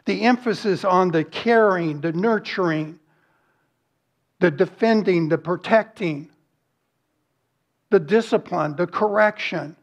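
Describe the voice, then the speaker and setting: A man's voice: sits high, slow, long pauses. A man preaching a sermon as pastor, earnest and emphatic, with rhetorical questions and lists.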